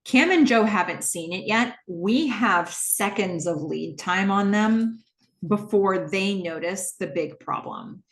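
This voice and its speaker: This is a woman hosting a podcast who casually walks through a TV episode scene by scene. She brings the dialogue to life with animated quoted asides. Her voice sits at a middle pitch, and the recording has a noticeably echoey room sound. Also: takes it slowly. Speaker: podcast host recapping a TV episode. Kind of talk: casual recap narration.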